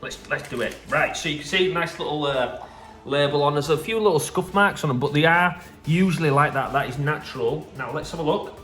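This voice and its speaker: A little high, a little fast and a bit bright, the seller's Yorkshire voice bubbles with enthusiasm as he displays fresh produce casually. The distant mic captures an echoey room and faint music.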